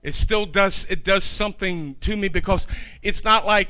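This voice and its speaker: Bright, high-voiced preacher man. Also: normal speed. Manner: emphatic preaching with repeated phrases. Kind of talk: sermon.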